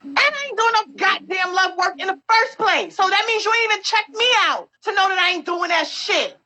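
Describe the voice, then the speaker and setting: A woman's voice: very high voice, lively intonation, fairly quick, bright, forceful tone, low-quality recording. A woman hosting a casual livestream chat about spiritual work, talking bluntly and emphatically with scolding asides. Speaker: spiritual worker, livestream host.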